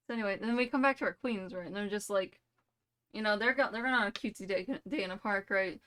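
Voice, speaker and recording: A woman's voice: medium pitch, a little fast, long pauses, fairly bright tone. A young woman streamer, playful and giggly, rambling through an improvised story.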